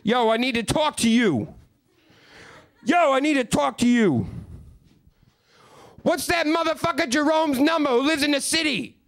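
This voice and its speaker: A dim, swaggering hillbilly teen who thinks he is a gangster, as a comedian puts him on. He shouts in a high, brash voice full of street slang. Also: lively intonation, unhurried, pauses often, heavily acted. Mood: shouting.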